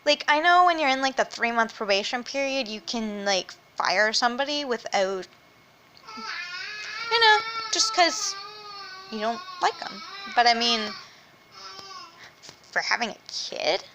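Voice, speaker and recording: A young woman vents in a rambling, casual rant, swearing freely between fillers. Her pitch swings widely and sits fairly high. Her throat is sore, so her voice strains and at times thins to a whisper over a faint hiss. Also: sing-song, unhurried, long pauses. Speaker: vlogger. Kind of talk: casual venting chat. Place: at home with her baby nearby.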